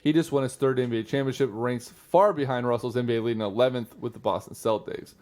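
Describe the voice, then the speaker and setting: A man co-hosting a casual sports talk show, with an average-pitched voice. He reads out news items in a steady voice, then slides into loose banter full of swearing. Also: fast talker. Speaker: podcast co-host.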